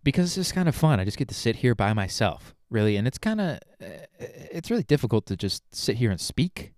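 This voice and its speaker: A man's voice: fairly low pitch, big pitch swings, brisk, a little mellow, dry recording. A young man hosting a solo podcast in a studio, rambling in a hyped, profane, casual way. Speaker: podcast host.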